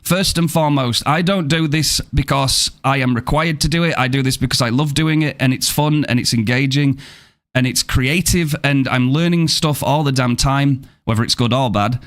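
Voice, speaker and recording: Male streamer, casual and upbeat, chats warmly with his viewers, mid-range voice. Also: medium pitch, moderate pace. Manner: upbeat, thanks viewers and reads chat aloud. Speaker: game streamer. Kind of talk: casual live-stream chat.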